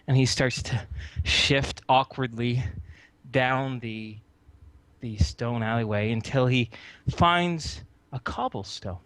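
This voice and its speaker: Slow-narrating male game master. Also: mid-range voice, a bit bright, no room sound. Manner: deliberate, descriptive storytelling.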